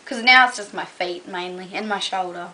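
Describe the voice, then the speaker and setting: A woman's voice: on the low side, moderate pace, pushed and bright, slight background noise, low-quality recording. A young Australian woman vlogging casually to camera, rambling with lots of "um" and "like". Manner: rambling, full of "um" and "like".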